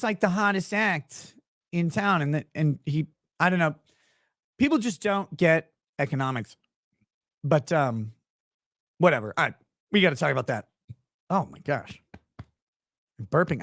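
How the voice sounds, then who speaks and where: A man's voice: fairly high pitch, no room sound, studio quality. A man hosting a livestream with casual, sarcastic, rambling commentary, talking to his chat viewers by name. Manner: sarcastic, rambling, mocking impressions. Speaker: livestream host.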